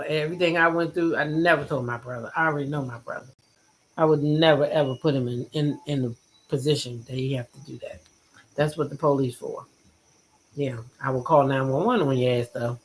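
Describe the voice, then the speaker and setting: A woman hosting a casual gossip chat, blunt and animated, swearing freely as she talks to her viewers. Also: sits low, poor audio. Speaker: host.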